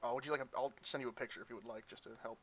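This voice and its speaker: A man running a tabletop game as game master, narrating in a casual, halting way. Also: mid-range voice, fairly even intonation, a bit bright, a little hiss or hum.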